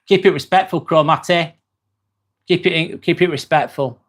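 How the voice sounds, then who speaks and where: An Englishman hosts a laid-back live stream from his phone, voice sitting a little high for a man. He rambles comfortably, filling pauses with ums. He reads out viewer messages and answers them with the odd casual curse. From England. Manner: chatty and relaxed, with frequent ums and casual swearing.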